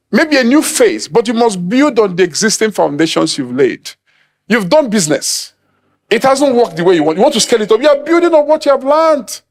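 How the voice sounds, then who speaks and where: A middle-aged man from Nigeria preaching an emphatic sermon, acting out quoted voices and laughing at his own points. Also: high-pitched. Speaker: apostle preaching.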